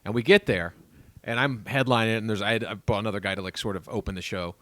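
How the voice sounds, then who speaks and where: A man's voice: fairly low pitch, fast, fairly bright tone, no echo. A man, a comedian co-hosting a podcast, telling a story in loose casual chat with lots of "like".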